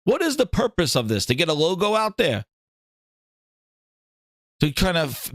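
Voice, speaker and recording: A man hosting a gaming show, reacting to clips in an excitable, mocking rant full of laughs and swearing. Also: on the high side, moderate pace, long pauses, no room sound, clean studio sound.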